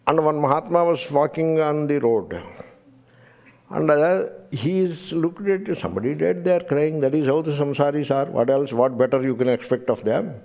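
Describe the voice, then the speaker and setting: Chuckling older Indian swami. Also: male voice, on the high side, moderate pace, vocal fry, darkish tone. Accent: Indian English. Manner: chuckling, emphatic, storytelling. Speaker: swami teaching Vedanta. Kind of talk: satsang talk with a story.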